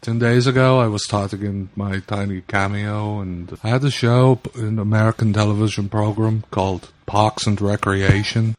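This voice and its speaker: A man doing an impression of a brooding older filmmaker with a German accent, speaking slowly, gravely and deadpan. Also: on the low side, voice pushed down, lightly acted. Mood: deadpan gloom. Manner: slow, grave, deadpan delivery.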